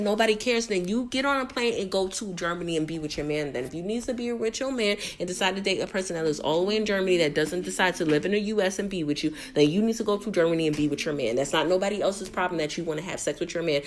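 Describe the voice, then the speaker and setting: A woman's voice: lowish voice, fast. A young adult woman recapping a reality show in a blunt, slangy, exasperated casual rant.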